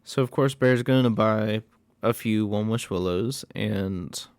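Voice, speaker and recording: A man's voice: fairly low pitch, measured pace, no room sound, studio quality. A man giving a casual, rambling, profane recap of a horror movie plot. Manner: rambling, profane, animated storytelling.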